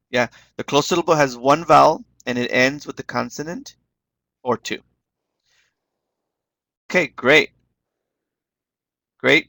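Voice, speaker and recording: A man's voice: fairly high pitch, creaky, sharp tone, dry recording. A man leading an online teaching webinar, encouraging the class and repeating words as he explains them. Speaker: webinar instructor.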